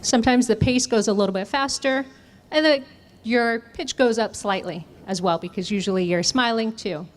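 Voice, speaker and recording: A woman's voice: on the high side, moderate pace. A woman trainer leading an interactive workshop, asking the audience questions and answering them. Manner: engaging, asks audience questions. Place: conference room.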